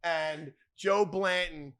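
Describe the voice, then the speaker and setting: A man telling wild stories as a podcast guest, animated and profane, acting out other people's lines. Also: fairly high pitch, extremely slow, smooth. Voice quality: animated, profane, acts out quoted voices. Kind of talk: casual storytelling.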